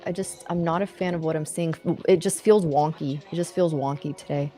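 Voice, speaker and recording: A woman's voice: sits low, steady tone, fairly quick, dark tone, faint music behind. A woman co-hosting a live trading stream, chatting casually with lots of fillers and frequent giggles. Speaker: co-host.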